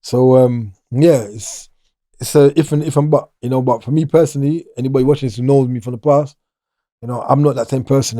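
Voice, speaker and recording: A man's voice: mid-range voice, warm tone, no echo, clean studio sound. A middle-aged man, talking casually as an interview guest, rambling and restarting his sentences. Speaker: guest, former prisoner.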